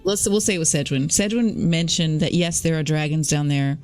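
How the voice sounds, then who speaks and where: Low-voiced woman running a tabletop game. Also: a little fast, a little mellow, soft background music. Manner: chatty, self-correcting. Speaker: game master.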